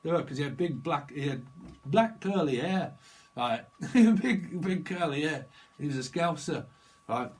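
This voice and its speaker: A man's voice: a little high, animated, unhurried, a little mellow, poor audio. A middle-aged man giving a casual tarot reading, rambling and free-associating from one idea to the next. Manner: rambling, free-associating, drifts into playful voices. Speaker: tarot reader.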